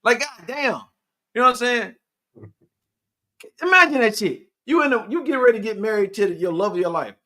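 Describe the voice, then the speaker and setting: A podcast host man talking in a casual, profane and preachy way, with sudden loud outbursts. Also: extremely high pitch, animated, fairly quick, long pauses. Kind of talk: casual live podcast chat.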